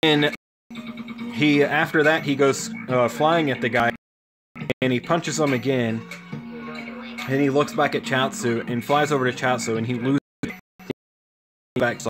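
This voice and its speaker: A man casually retelling a cartoon story, rambling and halting with lots of fillers. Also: medium pitch, fairly even intonation. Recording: music playing under the voice.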